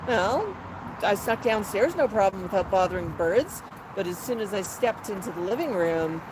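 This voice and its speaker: A woman who hosts a channel about pet parrots rambles casually through a story on a phone live stream from an outdoor patio, filling it with fillers. Her medium-pitched voice has lively intonation at a moderate pace. The outdoor phone recording is noisy.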